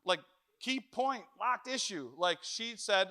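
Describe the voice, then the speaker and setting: Man, middle-aged, preaching a sermon, animated, joking stories, bright edge. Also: high voice, moderate pace, smooth. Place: church.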